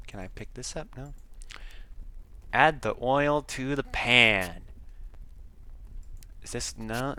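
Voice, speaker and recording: Bright, crisp-voiced man playing a game. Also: medium pitch. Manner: rambling, self-deprecating asides. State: breathing audibly into the mic. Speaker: game commentator. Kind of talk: casual let's-play commentary. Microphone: desk microphone close up.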